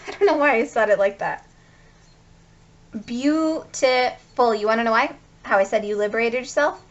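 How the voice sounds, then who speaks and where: A woman's voice: a little high, moderate pace, pauses often, lo-fi sound. A woman giving a tarot card reading, gushing and speaking straight to her viewers. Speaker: tarot reader.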